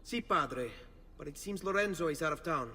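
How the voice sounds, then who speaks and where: A man's voice: fairly high pitch, lively intonation, normal speed, sharp tone, a little hiss or hum. A young man voicing a dutiful, brash noble son in a video game.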